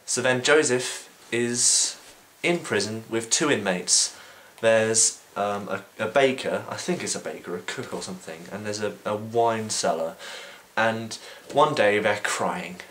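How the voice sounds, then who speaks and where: A man's voice: fairly low pitch, measured pace, a bit bright, a little hiss or hum. A young man vlogging, retelling a story casually with sarcasm, swearing and frequent fillers.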